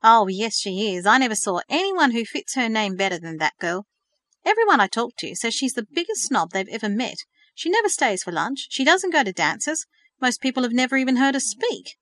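A woman's voice: on the high side, big pitch swings, moderate pace, fairly bright tone, dry recording, studio quality, pitched above the performer's own voice. A woman reading the part of a sullen, sarcastic teenage boy who is lonely and defensive. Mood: resentful. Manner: sarcastic, scoffing. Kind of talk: audiobook reading.

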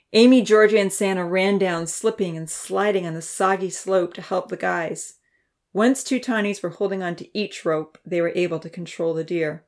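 Woman, low-pitched, audiobook narration, steady, measured. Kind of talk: storybook narration.

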